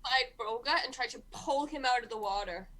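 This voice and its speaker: A woman playing a tabletop game, excitable and giggly. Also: on the high side, brisk. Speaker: player. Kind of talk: casual tabletop game chat.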